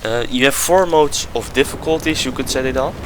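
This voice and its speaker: A man's voice: medium pitch, brisk, a bit bright, a little hiss or hum, rough recording. A man giving a casual, rambling game review over gameplay, often stopping to search for words and restart his sentences.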